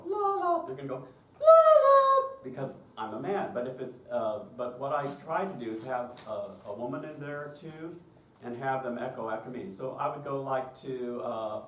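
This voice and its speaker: A man presenting a choir directors' workshop, explaining his methods step by step and often checking in with the audience with "okay?". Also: mid-range voice. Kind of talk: conference lecture with demonstrations. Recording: roomy and distant with faint noise.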